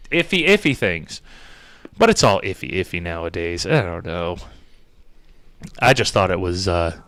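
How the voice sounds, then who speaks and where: A man's voice: mid-range voice, fairly bright tone. A man hosting a podcast, ranting in a casual, sarcastic and profane way. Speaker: podcast host. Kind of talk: casual comedic rant.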